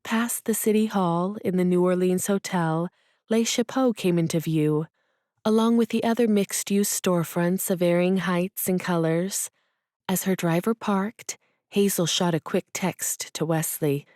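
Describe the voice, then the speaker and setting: Recorded close and entirely dry in a studio, a woman narrates a storybook romance as an audiobook reader. Her scripted delivery is soft and deliberate, pitched low and never rushed.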